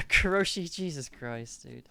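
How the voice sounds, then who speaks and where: A man's voice: medium pitch, normal speed, vocal fry, noisy background. A man streaming a game live, chatting casually with his viewers and musing aloud as he answers their comments. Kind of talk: casual chat with live viewers during gameplay.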